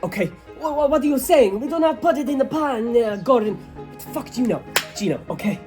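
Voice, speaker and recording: A young man impersonating two celebrity chefs bickering, in a shouty voice that jumps in pitch. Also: lively intonation, brisk, music in the background.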